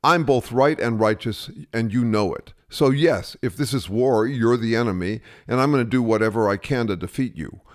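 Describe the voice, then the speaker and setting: A man's voice: medium pitch, moderate pace, few pauses, lightly acted. A man playing a hypocritical, self-righteous bully in a satirical sketch dialogue, talking in a blustering, dismissive way. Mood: smug.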